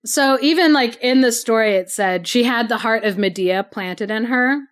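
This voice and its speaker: A woman co-hosting a podcast retells a story casually, laughing often and leaning heavily on "like." Her fairly high voice is clear and resonant, at a normal speed.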